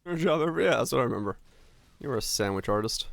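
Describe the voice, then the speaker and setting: A man's voice: medium pitch, lively intonation, fast, gravelly, dry recording. A young man live-streaming from home, ranting in an easygoing, profane way to his viewers. His voice sits mid-range and comes across close and dry, with no room sound around it. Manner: ranting, swears freely, chats with viewers. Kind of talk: casual live-stream chat.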